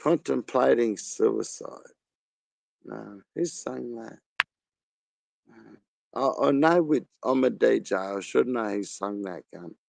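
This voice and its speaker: A man's voice: mid-range voice, lively intonation, takes it slowly, creaky, long pauses, a little mellow, no echo. A man with an Australian accent hosting a casual live chat, crude and rambling, laughing often. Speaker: live stream host.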